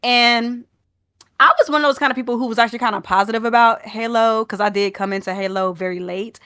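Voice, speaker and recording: Chatty young woman, slightly high voice. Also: fairly even intonation, fast talker, pushed and bright, clean tone, dry recording, clean studio sound. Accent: Southern US. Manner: chatty, rambling, many fillers and restarts. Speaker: podcast co-host. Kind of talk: casual gaming podcast chat.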